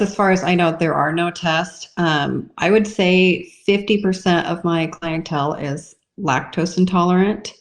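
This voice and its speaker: Chatty woman farmer telling stories. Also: fairly low pitch. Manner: chatty storyteller, acts out voices. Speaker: guest dairy farmer. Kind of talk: casual podcast interview.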